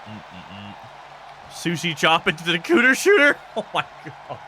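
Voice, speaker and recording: A man's voice: on the high side, huge pitch swings, measured pace, a loud crowd, very noisy. A man hosting a live game stream, commentating matches and chatting with viewers in a loose, laughing, foul-mouthed way.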